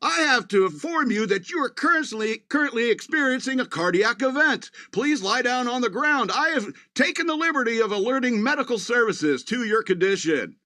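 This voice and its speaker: A man's voice: extremely high pitch, expressive, normal speed, few pauses, bright, forceful tone, no echo, clean studio sound, voice pushed up, heavily acted. A man voicing a relentlessly cheerful male AI robot assistant that makes chirpy, upbeat announcements.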